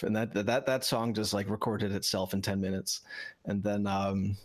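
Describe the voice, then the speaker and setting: Low-voiced, laid-back musician guest. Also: male voice, moderate pace. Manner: hesitant, lots of "like" and "uh", laughs easily. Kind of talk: casual podcast interview.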